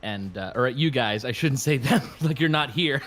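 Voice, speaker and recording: A man's voice: medium pitch, expressive, a bit bright. A man guest, a voice actor, chatting casually over a voice call, a little congested and full of fillers and laughs. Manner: easygoing, laughs often, halting fillers. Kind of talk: casual stream chat. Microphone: remote, heard over a voice call.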